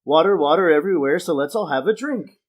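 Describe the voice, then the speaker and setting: Man doing a blustery cartoon dad, loud and bragging, a notch higher than his own voice. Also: expressive, quick pace, dull audio. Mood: grumbling. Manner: loud, boastful, exaggerated. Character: bumbling loudmouth middle-aged cartoon dad, gloating.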